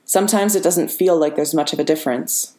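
A woman voicing a weary, grounded male soldier hero who speaks quietly and wryly in an audiobook reading. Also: low-pitched, brisk, close to an everyday voice. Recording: roomy reverberant room.

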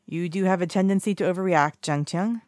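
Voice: mid-range voice, a little fast, a little mellow, dry recording, studio quality, voice pushed up, lightly acted. A reader voicing a guarded young man who speaks with cool, detached politeness. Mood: cool, distant. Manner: evasive, coolly detached.

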